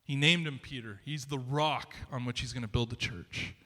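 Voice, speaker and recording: A man preaching a sermon as pastor, conversational and animated, with frequent restarts and asides to the congregation. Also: mid-range voice, normal speed. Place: church sanctuary. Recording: reverberant church hall.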